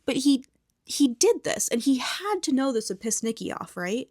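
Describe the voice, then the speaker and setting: Soft-spoken woman recapping a film in ASMR style. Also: high-pitched, big pitch swings, normal speed, no room sound, studio quality. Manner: drifts between soft speech and whispering; casual, candid commentary with mild swearing. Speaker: movie recap host.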